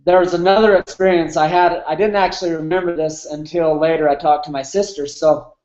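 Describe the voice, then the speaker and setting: A man's voice: on the high side, fairly even intonation, fairly quick, darkish tone, echoey room, highs cut off. A man in his thirties telling a candid, emotional personal story as an interview guest, with many fillers. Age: 30s.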